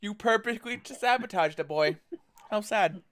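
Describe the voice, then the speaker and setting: Teasing lively player. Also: medium pitch, moderate pace. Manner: teasing, laughing. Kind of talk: tabletop game chat.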